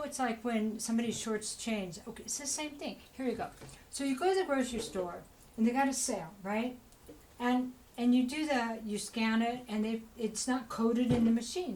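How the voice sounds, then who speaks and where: A tarot reader with a fairly high, slightly mellow voice chats her way through a casual reading, rambling and dropping plenty of "you know" asides. She sounds encouraging and speaks straight to the listener, though the audio is poor with slight background noise.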